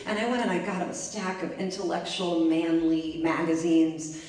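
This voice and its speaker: A woman's voice: fairly low pitch, fairly even intonation, normal speed, darkish tone. Woman telling a wry story, echoey room. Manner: wry, self-mocking comic delivery. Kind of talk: live personal storytelling. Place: library event space. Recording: echoey room, mic far off.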